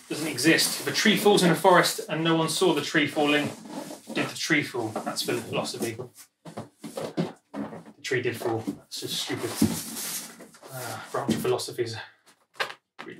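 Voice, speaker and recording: Male vlogger, fairly high voice, rambling self-mocking chatter, recorded on a camera mic across an echoey studio. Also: fairly quick, recorded from a distance, background noise. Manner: rambling, self-mocking, talks to himself while handling gear. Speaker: music producer and vlogger. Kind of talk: casual studio vlog, talking to camera. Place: home music studio, indoors. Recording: echoey room, voice often off-mic.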